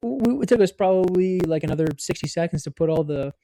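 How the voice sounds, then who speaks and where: A man's voice: high-pitched, animated, quick pace, dark tone, dry recording. An American man in his twenties telling a story to camera in a rambling, casual way, full of "like" and swearing. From United States. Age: 20s. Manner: rambling, heavy use of filler "like", swears freely. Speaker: vlogger.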